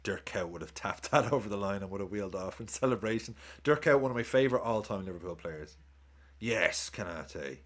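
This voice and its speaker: A man's voice: fairly low pitch, animated, brisk, fairly bright tone. A man streaming a live football watchalong, chatting casually, swearing, cheering goals and thanking viewers for tips.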